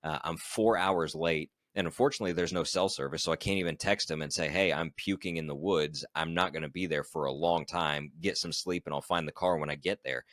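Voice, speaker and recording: Deep-voiced man telling a running story. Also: fairly quick, hardly any pauses, dry recording, studio quality. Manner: animated storyteller who acts out quoted dialogue. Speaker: podcast guest, ultrarunner. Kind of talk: storytelling in an interview.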